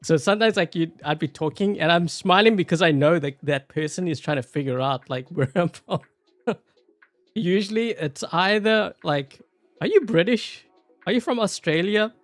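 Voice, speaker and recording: A man's voice: a little high, normal speed, a bit bright, dry recording, faint music behind. A man with a South African accent giving rambling, casual gameplay commentary, full of fillers and laughing often. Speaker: gameplay YouTuber.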